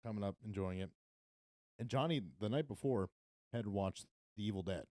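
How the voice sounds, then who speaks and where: A man's voice: fairly low pitch, moderate pace, dark tone, dry recording, clean studio sound. A man telling a story in a casual podcast chat, rambling and restarting his sentences.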